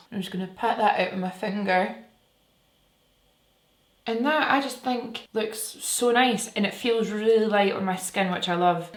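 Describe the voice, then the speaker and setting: A woman chatting her way through a makeup tutorial, enthusiastic and casual as she works. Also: mid-range voice. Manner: chatty, enthusiastic, talks while working. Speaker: beauty vlogger. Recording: echoey room.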